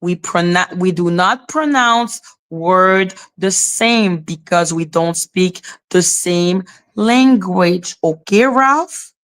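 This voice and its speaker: A woman's voice: lowish voice, slow. A woman whose first language is French, from Haiti, streaming live and ranting in an exasperated, profane, lecturing way, repeating herself. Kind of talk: heated casual rant.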